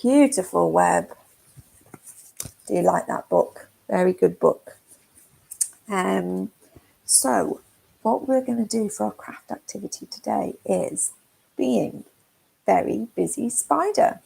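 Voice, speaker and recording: A woman leading a forest school session reads a picture book to toddlers at home in a gentle, sing-song way and asks the children questions. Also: medium pitch, animated, slow pace, vocal fry, long pauses, breathy edge, low-quality recording.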